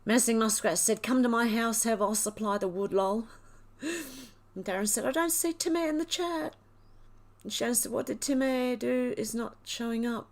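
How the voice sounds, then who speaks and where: A woman's voice: fairly high pitch, normal speed. A woman hosting a livestream, emotional and crying as she reads viewer comments aloud in casual chat. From Australia. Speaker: livestream host.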